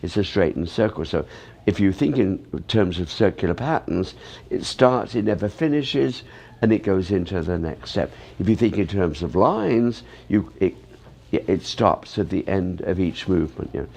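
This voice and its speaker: A man's voice: low-pitched, lively intonation, normal speed, gravelly, a little mellow. A man who teaches ballet, rambling through interview answers with many "you know" fillers.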